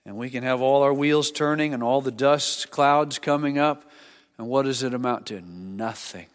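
A male pastor preaching a sermon and leading a closing prayer, earnest, often dropping to a hushed voice on key lines. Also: mid-range voice, moderate pace, clear, resonant tone. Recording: long reverb of a church hall.

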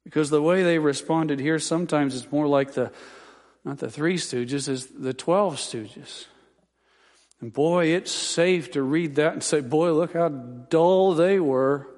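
High-voiced impassioned male preacher. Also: slow pace, a little mellow, in a large hall. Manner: impassioned, rising to emphatic peaks. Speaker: pastor. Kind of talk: sermon.

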